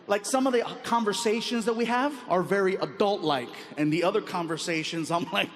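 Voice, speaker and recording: A man in his late thirties telling stand-up stories in an animated, loud, playful way on a large theater stage. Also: high-pitched, fairly quick. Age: 30s. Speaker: stand-up comedian. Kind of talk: stand-up storytelling. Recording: echoey hall with crowd noise.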